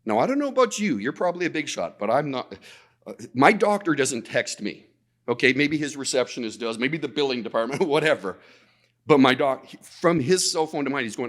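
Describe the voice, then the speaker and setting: A man gives a storytelling talk at a conference, lively and informal. His voice sits in a middle pitch, and he doubles up on words as he talks. He slips into acted-out dialogue as he tells the story. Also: brisk. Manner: animated, repeats words, acts out quoted dialogue. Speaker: conference speaker. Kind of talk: storytelling presentation.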